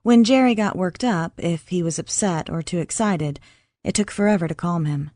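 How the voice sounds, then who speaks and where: A woman's lower-pitched voice delivers scripted audiobook narration in a measured, even manner. There's no echo, and the recording is studio quality.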